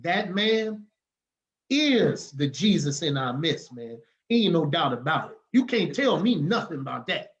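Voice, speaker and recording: A man's voice: fairly high pitch, sing-song, measured pace. A man pouring out a heartfelt personal testimony as a podcast guest, fired up and emphatic. He keeps punctuating his sentences with "man". The recording sounds muffled and lo-fi.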